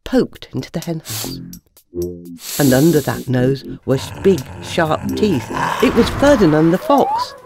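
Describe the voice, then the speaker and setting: Woman storyteller, low and expressive, over music. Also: unhurried. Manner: lively, expressive reading. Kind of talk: storybook narration. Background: soft music.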